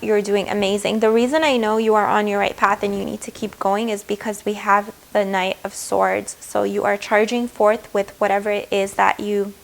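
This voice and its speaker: Upbeat female tarot reader, encouraging, mid-range voice, acts out the cards. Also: mid-range voice. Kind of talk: tarot reading to viewers.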